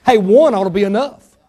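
High-voiced emphatic Baptist preacher, man. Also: moderate pace, warm tone. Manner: emphatic preacher, rising and falling dynamically, rhetorical questions. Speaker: pastor. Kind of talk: sermon.

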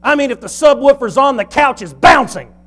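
A man's voice: very high voice, lively intonation, fairly quick, fairly bright tone. A middle-aged man, a pastor preaching a folksy, humorous sermon.

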